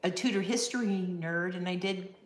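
A woman's voice: fairly low pitch, normal speed. A woman chatting casually and playfully as co-host beside her daughter. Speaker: host's mother, co-host. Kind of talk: casual chat. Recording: echoey room.

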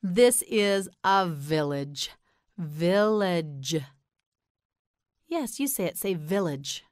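An American woman teaching English pronunciation, slowly enunciating words and patiently prompting the listener to repeat them. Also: on the low side, animated, no room sound, studio quality. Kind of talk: slow repeat-after-me pronunciation drill.

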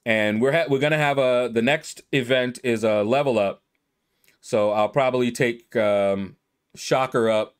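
A man giving relaxed, casual game commentary as he reads through a leaderboard, congratulating players and playing with their names. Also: medium pitch, a little slow, clean tone. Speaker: gaming YouTuber.

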